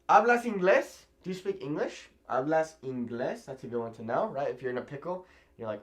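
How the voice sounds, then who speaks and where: A man from California teaching a video language lesson, animated and repeating phrases slowly for learners. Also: on the high side. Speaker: Spanish teacher.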